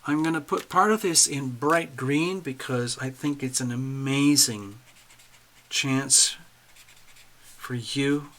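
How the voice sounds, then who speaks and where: A man's voice: medium pitch, slow pace, fairly bright tone, a little hiss or hum. A man hosting a casual astrology livestream, chatting animatedly to viewers while drawing charts.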